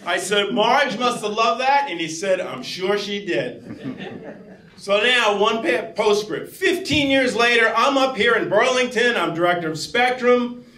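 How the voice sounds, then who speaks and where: Middle-aged New York man, higher voice, earnest live storyteller, echoey hall, mic set back. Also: expressive, unhurried, sharp tone, distant mic, a little hiss or hum. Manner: earnest, acts out quoted voices.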